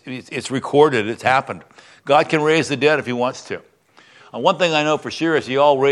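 A man's voice: mid-range voice, a bit bright. A male pastor preaching a sermon, reading a Bible passage aloud and then explaining it in a conversational teaching manner.

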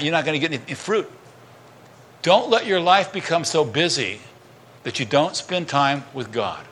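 A man's voice: on the high side, a bit bright, a little hiss or hum. A male pastor preaching a conversational sermon, reading verses and breaking into acted quotes.

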